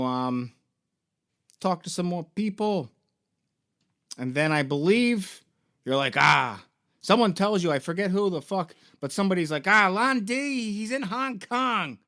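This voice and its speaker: A young man hosts a casual game-story recap, rambling along with plenty of ums and swearing. His voice sits a bit higher than most men's. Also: measured pace, long pauses, smooth. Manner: rambling, profane, full of fillers. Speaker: toy and game store host.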